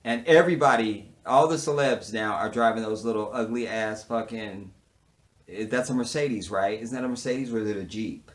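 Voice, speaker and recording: A man casually reviewing a TV episode, sassy and blunt, swearing freely and swinging from murmured asides to loud outbursts as he acts out the characters' lines. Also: on the low side, moderate pace. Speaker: TV show reviewer. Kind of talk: casual, animated recap with quoted dialogue.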